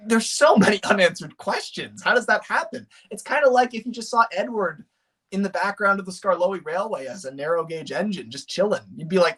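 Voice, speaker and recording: A man chatting casually on a livestream, rambling and animated, with many fillers and restarts. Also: high-pitched, a little fast. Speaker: streamer.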